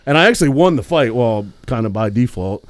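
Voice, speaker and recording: A man, co-hosting a podcast in relaxed, profane chat full of fillers. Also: mid-range voice, brisk, no echo. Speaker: podcast co-host. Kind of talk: casual storytelling chat.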